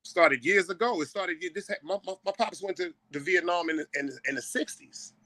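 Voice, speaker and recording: A man tells a personal story in an earnest, emotional way, stumbling and repeating words as he goes. His voice sits a little high and sounds bright and forceful. The sound is close and dry. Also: normal speed, no echo. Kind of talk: casual chat.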